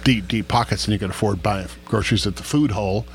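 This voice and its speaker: A man co-hosting a podcast, talking in a chatty, animated way with quoted voices. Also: on the low side, fast talker, vocal fry, a little hiss or hum. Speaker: podcast co-host. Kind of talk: casual chat.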